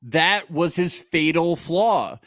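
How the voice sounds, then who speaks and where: A man's voice: fairly high pitch, expressive, takes it slowly, a bit bright, dry recording. Dude cohosting a recap show, voice bouncing all over, keeps laughing and tripping over his words, dry close sound. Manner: laughing, restarts and cuts himself off. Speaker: podcast co-host. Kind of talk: casual chat.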